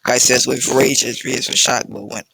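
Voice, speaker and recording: Casual reader: a man, very gravelly, husky, reads a fan story haltingly. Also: mid-range voice, steady tone, sharp tone, no echo, rough recording. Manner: halting, with fillers and restarts. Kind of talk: casual fan-fiction reading.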